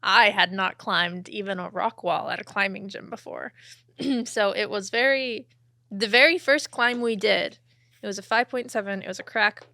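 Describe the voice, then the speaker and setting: A young woman hosting a podcast, chatting casually and laughing between phrases, her voice trailing off softly. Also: medium pitch, moderate pace, no room sound, studio quality. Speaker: podcast host. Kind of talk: casual interview talk.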